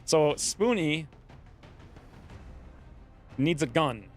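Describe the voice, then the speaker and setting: Rambling male streamer, lively pitch. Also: very slow, soft background music. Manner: rambling, distracted, storytelling asides. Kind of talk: casual gameplay commentary.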